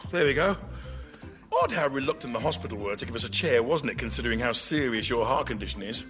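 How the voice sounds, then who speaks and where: A man's voice: mid-range voice, lively intonation, quick pace, music in the background, close to an everyday voice. A man playing an uptight exasperated son. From London. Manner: prim, exasperated. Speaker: classical music store manager. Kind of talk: radio sitcom acting.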